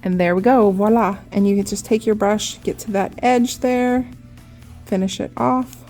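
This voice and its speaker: A young nail artist with a medium-pitched voice gives a relaxed, chatty nail art tutorial, walking through it step by step and often saying "like."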